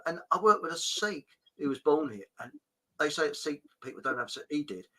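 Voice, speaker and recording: Bright-voiced rambling man. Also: fairly high pitch, animated, a little fast, low-quality recording. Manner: rambling, hesitant, full of ums and restarts. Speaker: host. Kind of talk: casual livestream chat.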